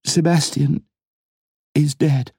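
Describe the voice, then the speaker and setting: A distraught wife choking out a few words at a time between sobs, as a male narrator raises his voice to play her. She sounds higher and more strained than the storyteller around her, in a dry, close audiobook recording. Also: fairly even intonation, slow pace, mellow, breathy edge, no echo, full character voice. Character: grieving woman, a distraught wife breaking down in tears.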